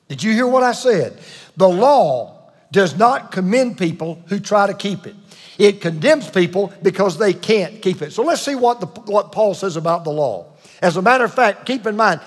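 A man's voice: high-pitched, slightly rough, in a large hall. A man preaching a sermon with emphatic delivery, repeating key points and calling on the congregation to answer. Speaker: pastor.

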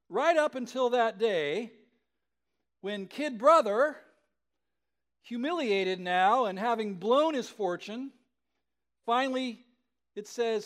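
A male pastor telling a story in a sermon, conversational and animated, often checking in with the listeners. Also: high voice.

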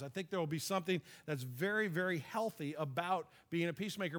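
A man's voice: sits high, a bit bright. A middle-aged man preaching a sermon in a conversational, storytelling way. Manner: conversational, storytelling, with light laughs and restarts. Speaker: pastor.

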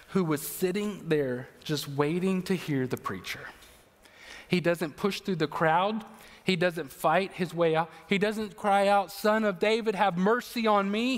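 A male pastor preaching an earnest, emotional sermon with slow, emphatic phrases. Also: sits high, big-room sound.

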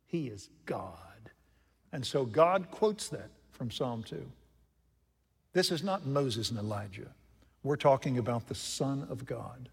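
A man preaching a sermon from the pulpit, jumping from loud emphatic lines to hushed asides and putting questions to his congregation. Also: mid-range voice, measured pace, vocal fry, breathy edge. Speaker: pastor. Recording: long reverb from a large hall.

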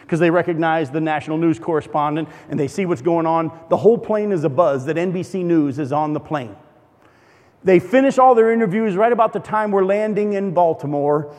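High-voiced preacher in a reverberant hall. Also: male voice, a little mellow. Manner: conversational, humorous anecdotes. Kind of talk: storytelling sermon. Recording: long reverb of a large hall.

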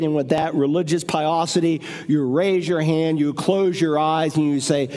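High-voiced preaching man, reverberant church. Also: normal speed, warm tone. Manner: preaching with sing-song emphasis and acted-out voices. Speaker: pastor. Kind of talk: sermon. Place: church sanctuary. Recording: long reverb of a large church.

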